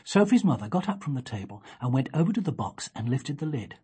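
Low, husky woman reading a storybook. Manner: expressive, gently measured. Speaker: reader. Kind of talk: storybook read-aloud.

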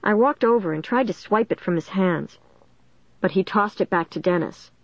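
A woman's voice: medium pitch, moderate pace, no room sound. A woman narrating a storybook in a tense, dramatic reading. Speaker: audiobook reader. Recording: dull dry recording.

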